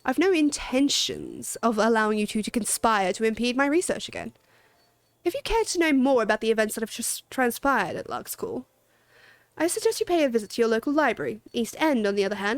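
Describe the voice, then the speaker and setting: A woman's voice: fairly high pitch, very animated, fairly quick, dry recording. Woman reading a haughty aether scholar. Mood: lofty. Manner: reading game quest dialogue aloud, lofty and condescending.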